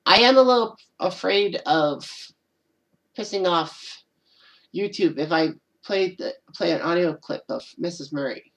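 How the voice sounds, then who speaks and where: A woman's voice: lowish voice, a little slow, rough recording. A woman hosting her own channel, talking alone in a rambling casual way and often repeating "and all that.". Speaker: channel host. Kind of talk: casual solo commentary.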